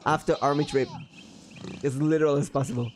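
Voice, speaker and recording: Guy streaming a game, rambly, laughs a lot, corrects himself, slightly high voice. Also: fairly even intonation, brisk, background noise. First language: Danish. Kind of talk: casual let's-play commentary.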